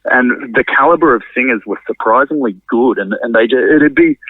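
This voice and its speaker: A man's voice: medium pitch, fairly quick, no echo. A man, a drummer and venue owner, chatting casually as a podcast guest, rambling and swearing freely. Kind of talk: casual conversational interview. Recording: narrow phone-like sound, dry.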